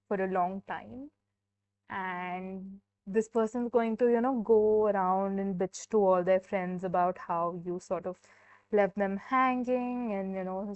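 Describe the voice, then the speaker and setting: A young woman gives a casual live-stream tarot reading, chatting in a relaxed way and filling her sentences with "like". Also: mid-range voice, clear, resonant tone, dry recording. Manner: chatty, heavy use of "like" and fillers. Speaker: tarot reader. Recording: dull, dry sound.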